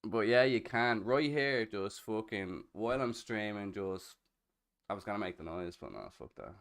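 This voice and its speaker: A man in his thirties with an Irish accent, chatting casually and crudely while streaming a game, swearing often and breaking into loud laughs. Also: lowish voice, expressive, normal speed. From Ireland. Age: 30s. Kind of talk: casual chat while gaming.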